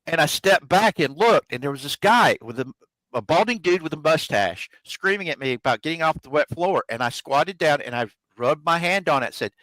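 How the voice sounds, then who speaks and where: In poor, roomless audio, a man with a fairly high, sharp voice hosts a casual live chat as a podcast host. He tells a lengthy story from his own life in salty, everyday language, swearing often and imitating the people he quotes.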